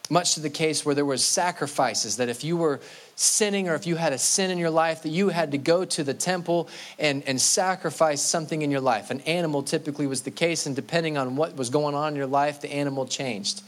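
A man preaching a sermon with a voice pitched a little high. He is earnest and often stumbles, repeating and restarting words. When he quotes scripture he slows down and stresses each word. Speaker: pastor.

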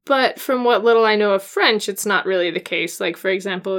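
A young woman co-hosting a casual podcast chat, talking with wry, deadpan asides. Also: medium pitch, a little fast, few pauses. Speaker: podcast co-host.

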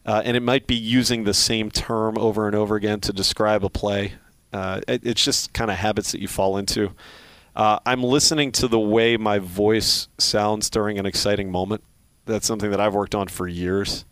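Low-voiced sportscaster from Philadelphia. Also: male voice, fairly even intonation, normal speed, fairly bright tone, clear, resonant tone, no echo. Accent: faint Philadelphia. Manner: reflective, many restarts and fillers. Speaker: sports play-by-play broadcaster. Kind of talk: casual interview talk.

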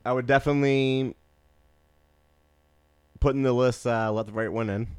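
A man co-hosting a podcast, speaking in a relaxed, measured way with some swearing. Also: medium pitch, clear, resonant tone, no echo. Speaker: podcast co-host. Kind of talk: casual chat about movies.

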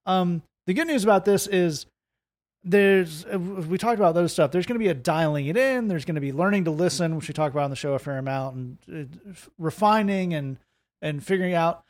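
A man's voice: high-pitched, a little fast. A man hosting a casual faith podcast, joking wryly and wrapping up the show. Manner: wry, joking, relaxed delivery. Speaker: podcast host.

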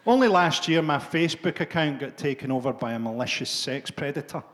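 Brief: profane Scottish stand-up comic with a high voice, deadpan delivery and quick jabs at the crowd. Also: male voice. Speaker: stand-up comedian. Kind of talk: stand-up comedy set. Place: live comedy venue.

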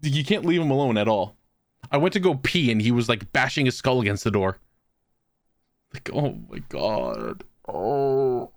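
A young man tells long, meandering stories in casual chat, swearing freely and laughing through them. His voice sits at an ordinary middle pitch. The sound is close and dry, with no room around it. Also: very animated, unhurried, no room sound. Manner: rambling, profane storytelling with laughs.

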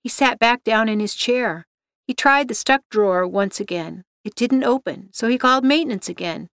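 A woman narrating a story in an even, steady reading manner. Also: on the high side, moderate pace, clean tone, no room sound, studio quality.

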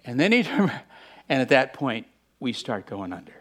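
High-voiced man preaching a lively sermon. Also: normal speed. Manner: conversational and animated, acting out quotes.

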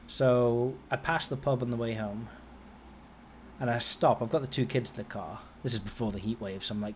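A man's voice: normal speed, slight background noise. A man in his forties, a podcast host, telling a long personal story in a casual, rambling way, with his voice rising and falling as he goes. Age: 40s. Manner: rambling, conversational, lively swings in pitch and loudness.

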